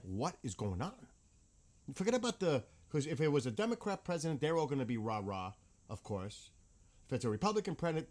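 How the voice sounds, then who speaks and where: A man's voice: mid-range voice, a little mellow. A man ranting bluntly about politics in a casual vlog, heated and swearing often. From United States. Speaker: vlogger.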